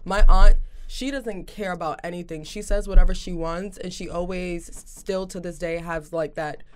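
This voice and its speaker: A woman in her twenties, a podcast guest talking in relaxed, chatty fashion with many fillers. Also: lowish voice, normal speed. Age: 20s. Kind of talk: casual chat.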